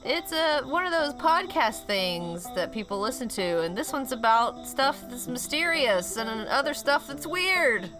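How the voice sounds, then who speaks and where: A woman's voice: high voice, sing-song, a little slow, few pauses, over music. A woman co-hosting a podcast in a casual chat, playful and giggly, often teasing herself. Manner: playful, giggly, self-mocking. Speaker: podcast co-host.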